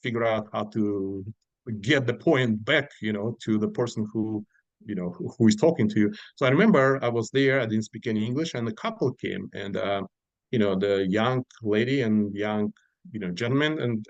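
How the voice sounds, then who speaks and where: A middle-aged man from Uzbekistan with a Russian-speaking accent, a podcast guest telling lively stories in casual speech, acting out quoted voices with many fillers. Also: on the low side, no room sound, dull audio. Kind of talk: casual storytelling interview.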